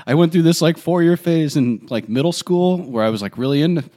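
A young man from Colorado, co-hosting a podcast in casual chat, animated and self-mocking, laughing often as he tells stories. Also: a little high, brisk. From Colorado, USA. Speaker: podcast co-host.

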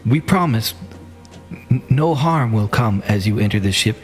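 A man's voice: medium pitch, soft background music, pitched above the performer's own voice. A man voicing a formal, composed female envoy speaking down from an airship. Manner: formal, measured.

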